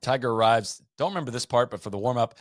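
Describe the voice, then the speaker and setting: A man's voice: mid-range voice, quick pace, no room sound, studio quality. A man hosting a podcast, telling golf history in a casual, storytelling way and reading out quotes and stats. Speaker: podcast host.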